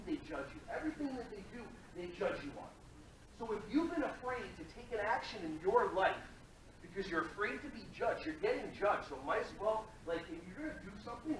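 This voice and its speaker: A man giving an energetic, jokey workshop talk to a live audience and addressing the room directly. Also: high voice. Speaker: early childhood workshop presenter. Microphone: distant from the microphone. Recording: very echoey room audio from far off, faint noise.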